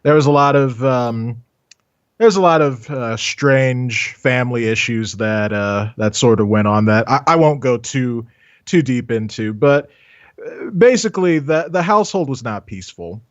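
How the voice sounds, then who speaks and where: A man's voice: medium pitch, a little slow, dry recording, muffled recording. A man from Southern California, an animator and voice actor, chatting as an interview guest with a stammering, self-mocking manner. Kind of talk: casual interview chat.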